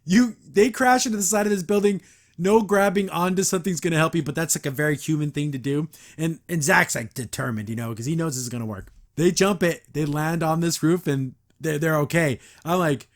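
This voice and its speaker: A man's voice: fairly high pitch, a little fast. A young man hosting a podcast, recapping and reacting to a cartoon episode in a casual, enthusiastic, rambling way. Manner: enthusiastic, rambling, frequent restarts and laughs.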